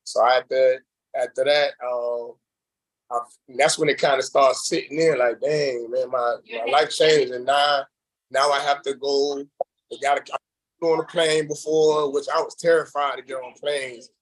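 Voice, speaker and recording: This reality show contestant speaks at medium pitch and moderate speed while telling his story in an easygoing, rambling interview. Animated and filler-heavy, he voices the people he quotes. The sound is poor.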